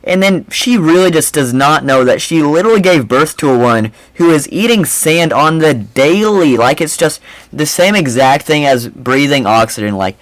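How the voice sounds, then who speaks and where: Young man mocking a clip, lively voice. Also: on the high side, moderate pace, dry recording, poor audio. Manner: mocking, animated, rambling with repeated "I mean, seriously". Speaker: reaction video host. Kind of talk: casual reaction commentary.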